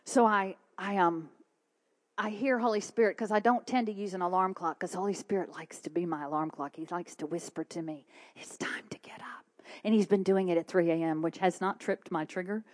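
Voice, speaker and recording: A woman's voice: on the low side, steady tone, a little fast. Woman preaching her testimony. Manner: dramatic storytelling, drops to hushed whispers.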